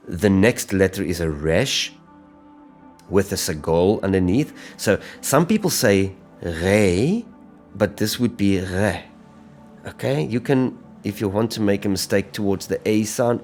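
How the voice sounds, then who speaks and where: Very deep-voiced man teaching pronunciation. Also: darkish tone. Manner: slow, deliberate, spells out sounds letter by letter. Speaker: Hebrew teacher. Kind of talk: step-by-step pronunciation lesson.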